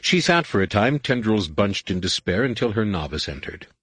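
Low, husky male audiobook narrator. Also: very animated, moderate pace, a bit bright, no room sound. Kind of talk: scripted sci-fi narration.

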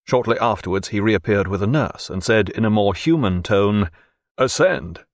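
A man narrating a novel chapter in measured, expressive storytelling. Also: lowish voice, dry recording, clean studio sound. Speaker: audiobook narrator. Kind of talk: scripted narration.

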